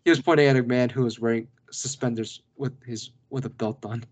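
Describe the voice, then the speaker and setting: A man's voice: medium pitch, fairly even intonation, a little fast. Rambling male podcast co-host. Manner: rambling, with many restarts and asides. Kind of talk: casual film review chat.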